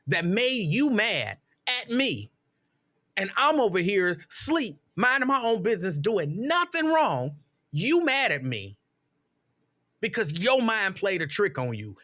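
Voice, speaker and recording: Middle-aged guy hosting a live stream, bright tense voice, big exasperated storytelling. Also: high-pitched. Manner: animated, exasperated storytelling with mock outrage. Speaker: show host reading live comments.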